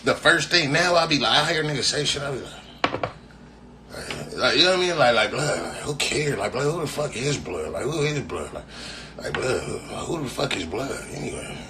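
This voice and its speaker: Over background noise, a man from California rambles casually to his viewers in a mid-range voice with lively intonation at normal speed. As a streamer, he swears a lot and leans on slang and repeated phrases.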